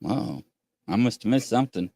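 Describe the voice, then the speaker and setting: A man with a lively, swooping voice chats casually on a livestream with a lilt, laughing and acting out little exchanges. The sound is dry and close, with no room echo. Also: fairly quick. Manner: animated, laughing, acts out quoted exchanges in a higher voice. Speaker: livestream co-host.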